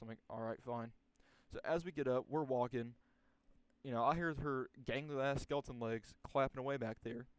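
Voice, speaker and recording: A man's voice: medium pitch, steady tone, moderate pace, clean tone, no echo. Rambling young man telling a story. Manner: rambling, profane, many restarts and fillers. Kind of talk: casual storytelling.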